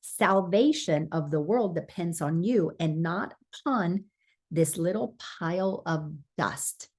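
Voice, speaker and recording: Woman, spiritual teacher, slightly breathy and low; earnest, encouraging lesson talk. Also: darkish tone.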